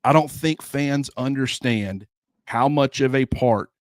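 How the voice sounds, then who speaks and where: Football analyst guy, mid pitch, earnest and measured, dry sound. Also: no room sound. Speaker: sports analyst co-host. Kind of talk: casual sports talk.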